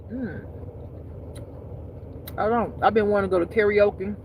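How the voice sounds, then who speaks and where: A woman talks slowly and freely, swearing easily and breaking into laughter at her own stories. Her voice sits at a middle pitch. Faint noise hums in the background. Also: fairly even intonation, darkish tone, low-quality recording. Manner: loose, profane storytelling, laughing often at her own jokes. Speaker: spiritual teacher streaming live. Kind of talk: casual unscripted chat.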